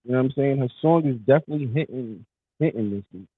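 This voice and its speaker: A man's voice: medium pitch, quick pace, husky, no echo. A man co-hosting a casual podcast chat, talking in a hyped, emphatic way. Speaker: podcast co-host. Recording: tinny phone-like sound.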